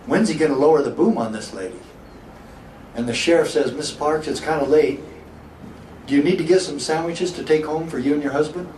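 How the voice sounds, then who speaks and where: A man's voice: mid-range voice, a little mellow. A middle-aged man, a sheriff, giving a public speech, telling a story and asking the crowd rhetorical questions. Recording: echoey hall from far off, faint hiss.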